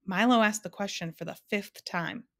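A woman reading a children's book aloud with lively, expressive narration. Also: mid-range voice, normal speed. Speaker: storyteller.

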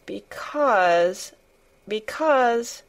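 Storybook girl, sour-tempered and frank, slow earnest delivery, voiced by a female reader. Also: on the high side, animated, exaggerated voice. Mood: eager.

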